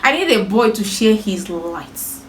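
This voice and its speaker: A woman's voice: mid-range voice, sing-song, a little slow, a little hiss or hum. A woman hosting her own video channel, chatting casually and teasing her brother as she interviews him. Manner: playful, teasing. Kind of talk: casual chat to camera. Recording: echoey room.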